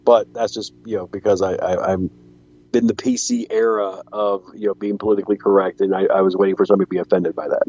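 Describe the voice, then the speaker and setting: A man's voice: sits low, flat delivery, fast talker, mellow, slightly rough, muffled recording. A man co-hosting a wrestling podcast, chatting casually with jokes, restarts and giggles. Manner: joking, rambling with restarts and giggles. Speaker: podcast co-host.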